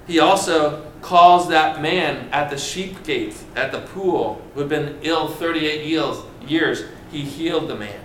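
A man's voice: on the high side, slow pace, hardly any pauses, fairly bright tone, a little hiss or hum. A man preaching a sermon, asking the congregation questions and building with dramatic emphasis. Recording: echoey room with faint ambience.

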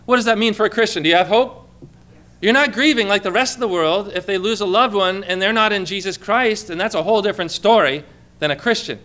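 Bright, clear-voiced male pastor preaching. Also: sits high, quick pace. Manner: conversational preaching with many rhetorical questions, asks for amens. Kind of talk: sermon. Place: church with a congregation.

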